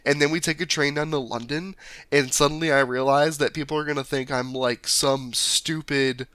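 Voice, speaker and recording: Casting: male podcast co-host, bright tense tone, dry close sound, stumbles and repeats himself, laughs a lot. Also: a little high, fairly even intonation, no room sound. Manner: halting, repeats words, laughs often. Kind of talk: casual chat.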